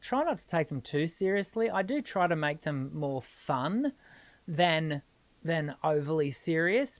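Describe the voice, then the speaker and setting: Australian woman vocal coach running a live Q&A; explanatory and lively, voice sits on the low side. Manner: explanatory, lively, laughs easily. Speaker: singing teacher hosting a live Q&A.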